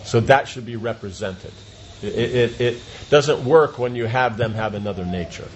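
A man's voice: medium pitch, normal speed. Man explaining with everyday examples. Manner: explains with everyday examples, often asks if it makes sense. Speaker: teacher. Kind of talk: informal class discussion. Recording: dull lo-fi sound with light noise.

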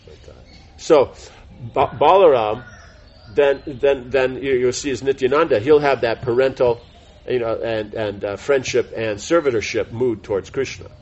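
A man's voice: mid-range voice, moderate pace, muffled recording. A man teaching a devotional class in an informal, rambling way, full of fillers and self-corrections. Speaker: spiritual teacher giving a class.

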